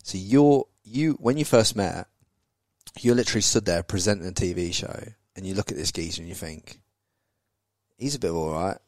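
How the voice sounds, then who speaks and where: Male podcast host, low register, loose banter with stumbling restarts, dry studio sound. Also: a little fast, darkish tone, dry recording. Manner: banter, swears casually, repeats words when starting. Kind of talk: casual chat.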